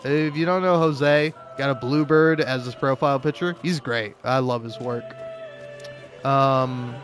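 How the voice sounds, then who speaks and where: Unhurried and medium in pitch, with faint music behind, a gaming video creator offers casual commentary. He's sarcastic and profane, rambles with frequent restarts, and often laughs between points.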